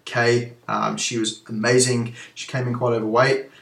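A man's voice: medium pitch, little pitch movement, moderate pace, vocal fry, fairly bright tone. A man who once owned a gym, being interviewed and talking candidly and reflectively, with plenty of fillers and restarts. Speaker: guest, former gym owner. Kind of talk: casual interview chat. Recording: echoey room.

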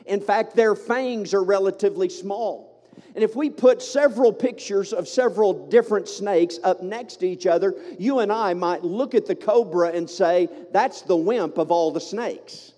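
A Southern American pastor preaches into a microphone with a notably high-pitched voice, fervent and punchy, tossing joking asides to his congregation. His words ring through a church sanctuary with a long, trailing reverb. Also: mellow. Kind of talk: sermon.

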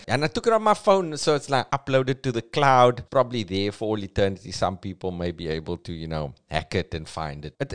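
A man in his forties from South Africa with a Cape Town accent. He hosts a comedy podcast as a playful solo monologue, with big comic jumps in pitch and low, thoughtful stretches. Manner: drifts into a low, quiet, thoughtful tone.

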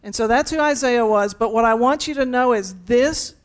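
A woman's voice: a little high, moderate pace. Woman preaching a casual sermon. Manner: conversational, playful asides to the congregation. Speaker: pastor.

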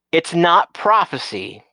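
A man's voice: fairly high pitch, pushed and bright, no echo, rough recording. A man in casual chat who rambles, restarting and repeating words often.

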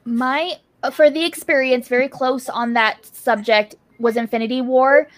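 A woman's voice: high-pitched, fairly even intonation, moderate pace, no room sound. A woman, a mother, chatting casually and telling a story with many filler words. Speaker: panelist. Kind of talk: casual chat.

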